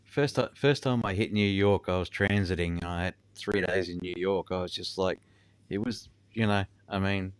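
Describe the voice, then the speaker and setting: A man with a low, smooth, resonant voice chats casually as a guest. He mostly answers with short agreeing replies and now and then tells a relaxed story. The recording is dry and close. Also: moderate pace, no room sound. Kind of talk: casual chat.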